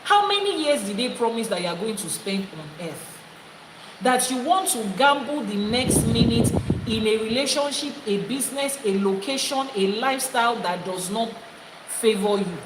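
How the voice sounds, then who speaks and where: A woman's voice: fairly high pitch, animated, normal speed, echoey room, big-room sound, heavy background noise. A woman, a priestess giving a spiritual teaching talk, stressing her points by repeating phrases. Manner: emphatic, repeating phrases for effect.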